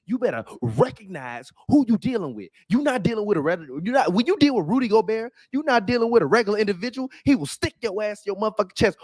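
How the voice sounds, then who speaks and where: A cocky, trash-talking French basketball star, as a man puts him on for laughs. The voice sits high and swings wildly as he boasts and threatens in a stream of profanity. The sound is close and dry. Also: dry recording.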